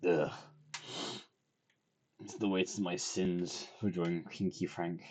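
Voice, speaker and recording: A man's voice: low voice, level tone, normal speed, a little mellow. A tired young man, rambling and self-deprecating as he talks through his drawing in a casual video diary. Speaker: vlogger.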